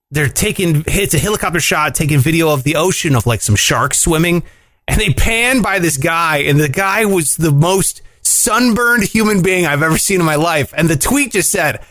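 Young guy, podcast co-host, lively swings in pitch, dry close mic, casual storyteller. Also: no room sound. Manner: animated storyteller, swearing, lots of "like" and "dude". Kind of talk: casual chat.

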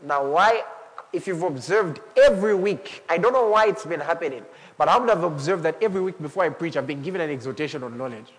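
Pastor guy preaching, kinda high voice, gets loud and worked up, long echo off the hall. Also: fast. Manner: animated preaching, rising to shouts, with laughter. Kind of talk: sermon.

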